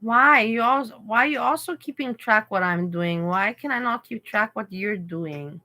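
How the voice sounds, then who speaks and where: A woman's voice: fairly high pitch, lively intonation, unhurried, sharp tone. A woman, hosting a casual livestream and talking to her viewers, pleading and reasoning with one of them. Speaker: livestream host.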